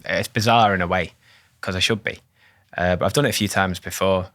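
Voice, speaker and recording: A man who co-hosts a podcast as a cardiologist, explaining things in a relaxed chat with swearing and laughter. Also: sits low, a little fast.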